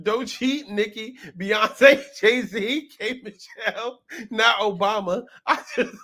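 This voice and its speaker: A man's voice: extremely high pitch, slow, bright, forceful tone. A man hosting casual reaction commentary, talking in a sassy way, laughing often and repeating words for emphasis. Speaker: host.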